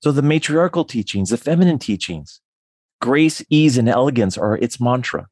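An enthusiastic man explains his ideas as a podcast guest, often restarting his phrases mid-thought. His voice sits at an average pitch. The recording is dry and close. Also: animated, moderate pace, a little mellow, dry recording. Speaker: guest, tantric counselor. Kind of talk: podcast interview.

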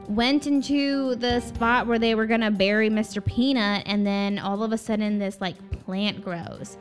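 A young woman co-hosting a podcast, chatting casually and giggling, with lots of filler words. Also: on the high side. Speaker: podcast co-host. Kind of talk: casual chat.

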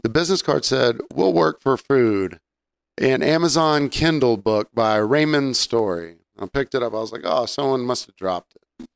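A man co-hosting a podcast in laid-back casual chat, who laughs often and now and then clears his throat. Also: medium pitch, normal speed, no echo, clean studio sound. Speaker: podcast co-host.

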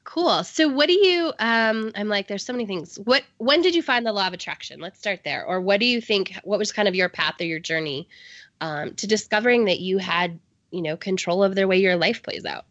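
A woman co-hosts a podcast in a bright, forward voice. She rambles and restarts her thoughts, filling gaps with ums. The sound is dry, muffled and lo-fi. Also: mid-range voice, expressive, a little fast, no echo. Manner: rambling, restarts, many fillers. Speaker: podcast co-host. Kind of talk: casual podcast chat.

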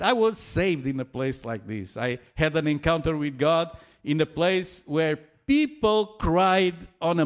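Guy preaching a sermon real slow and earnest, kinda higher voice.

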